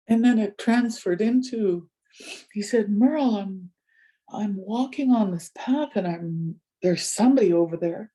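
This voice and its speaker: An older woman speaking as a community elder, recounting a story and acting out both sides of each conversation. Her voice is very mellow and dark, with a husky edge. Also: medium pitch, measured pace. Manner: animated retelling with many quoted exchanges. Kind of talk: storytelling talk.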